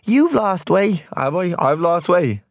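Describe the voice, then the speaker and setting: A man's voice: high voice, sing-song, a little slow, vocal fry, no room sound, studio quality. A young man with a Dublin Irish accent, a guest actor in a casual interview, who laughs often and restarts his sentences. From Ireland.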